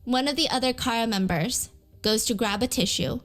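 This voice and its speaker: Woman narrating, slightly high voice. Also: normal speed, fairly bright tone, soft background music. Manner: explanatory, acts out quotes. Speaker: video narrator. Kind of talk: scripted narration with commentary.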